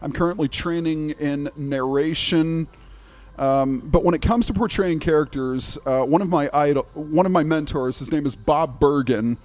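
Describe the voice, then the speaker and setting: A man talking as a podcast guest about his voice acting work, in an easy and animated way. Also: a little high, moderate pace. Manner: animated, slips into playful accents. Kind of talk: casual interview chat. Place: remote interview, podcast.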